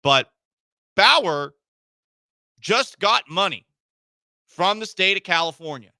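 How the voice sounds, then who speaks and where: Bright, joking sports radio host. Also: male voice, sits high, unhurried, clear, resonant tone, dry recording, clean studio sound. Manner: joking, animated, emphatic. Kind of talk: casual sports talk radio. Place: radio studio.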